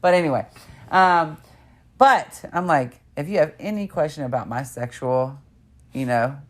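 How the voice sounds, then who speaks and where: A young adult woman with a low voice tells a story to her podcast co-host in casual chat. She acts out what other people said, jumping her voice high for quotes. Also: a little slow. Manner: animated storyteller, acts out quotes with big pitch jumps.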